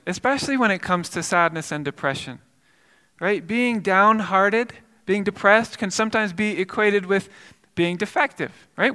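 A man's voice: high voice, animated, normal speed, sharp tone, in a large hall. A male pastor preaching a sermon, telling a story earnestly with frequent repeated words and restarts.

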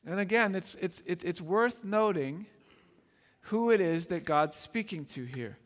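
High-voiced man preaching in a reverberant hall. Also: lively intonation, measured pace. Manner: conversational, repeats words, frequent tag "right?". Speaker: pastor. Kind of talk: sermon.

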